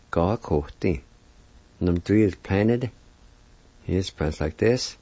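Low-voiced guy slowly teaching words bit by bit, dull lo-fi sound. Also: expressive, mellow, husky, no room sound. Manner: patient, spells out sounds syllable by syllable. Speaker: language teacher. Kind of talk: slow spoken word lesson. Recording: dull lo-fi recording.

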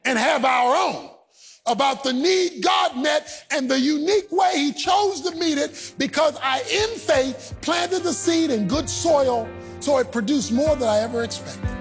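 A male pastor delivering a fervent sermon, shouting and half-singing his lines in a husky voice. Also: very high voice, animated, measured pace, faint music behind. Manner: shouting, preaching with sung cadence.

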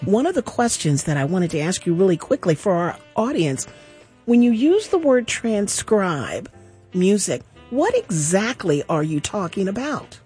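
A woman hosting a jazz radio show, making lively pledge appeals to listeners and interviewing a guest in the studio. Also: mid-range voice, unhurried, breathy edge, faint music behind. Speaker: radio host. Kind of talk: public radio pledge-drive talk.

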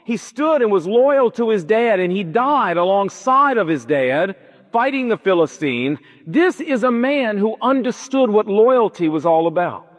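A man's voice: high voice, big pitch swings, measured pace. A male pastor preaching a sermon in a church hall, telling a story emphatically and asking rhetorical questions. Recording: dull echoey hall recording.

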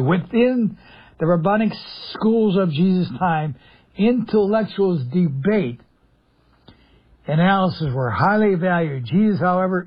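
A man's voice: a little high, breathy edge, dull audio. A man preaching a radio sermon, emphatic, asking the audience questions and answering them himself. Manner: emphatic, asks and answers his own questions.

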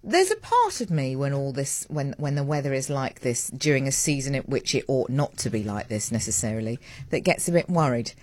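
A woman hosting breakfast radio, chatting in a lively, self-mocking way with lots of asides. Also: a bass voice, brisk, no echo. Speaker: radio host. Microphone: studio mic with headphones.

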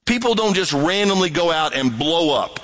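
High-voiced animated male preacher. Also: moderate pace, poor audio. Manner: animated, acts out voices and alarm sounds. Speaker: pastor. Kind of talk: sermon.

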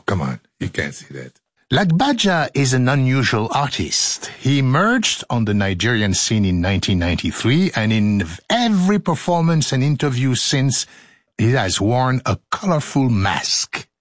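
A man's voice: medium pitch, wildly swooping pitch, a little slow, no echo, studio quality. A man hosting a radio show, joking through outtakes in a playful, theatrical way. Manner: jokey, theatrical, swoops into silly voices. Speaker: radio host. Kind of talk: playful studio banter and outtakes.

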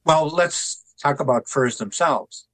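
An older man, an author and artist, telling stories in a relaxed, folksy interview. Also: on the high side, slow, no echo, low-quality recording. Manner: folksy, tells jokes with put-on voices.

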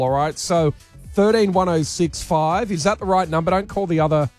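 A man's voice: a little high, normal speed, a little mellow, faint music behind. An Australian man co-hosting a radio show, blunt and jokey in casual banter. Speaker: radio host.

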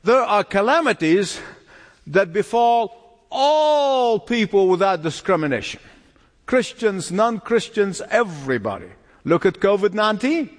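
A male pastor delivers a sermon in a measured, unhurried way, leaning hard on repeated phrases and breaking into small chuckles. His voice sits high and swoops widely. It rings with the long reverb of a large hall. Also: big pitch swings. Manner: emphatic preaching with frequent chuckles and repeated phrases.

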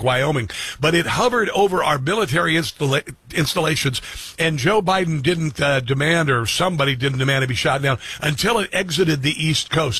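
Husky, rambling talk radio host man. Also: a little high, a bit bright, no echo. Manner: rambling, lots of ums and uhs, combative. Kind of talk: casual talk radio monologue.

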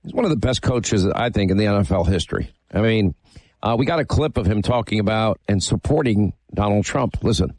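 A man's voice: fairly low pitch, expressive, brisk, a little mellow, no echo. A man hosting a radio talk show, chatting casually through a live ad read with frequent fillers.

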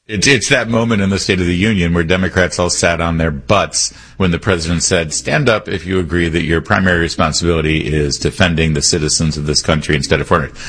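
A man's voice: deep voice, fairly even intonation, quick pace, few pauses, a bit bright, husky. A man hosting a political talk radio show, delivering a punchy, sarcastic, opinionated monologue.

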